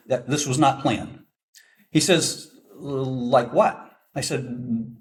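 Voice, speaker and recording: A man's voice: on the high side, slow pace. An older man, a veteran forward air controller, telling a self-deprecating story to an audience and acting out the dialogue. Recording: voice from a distance.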